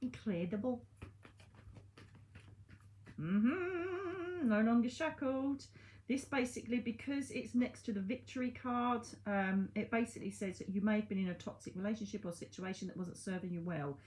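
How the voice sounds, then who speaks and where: A woman's voice: mid-range voice, fairly even intonation, fast talker, hardly any pauses, a little mellow. A woman reading oracle cards to camera in a chatty, reassuring way that laughs at herself. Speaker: psychic medium reading cards. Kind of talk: casual tarot card reading to camera.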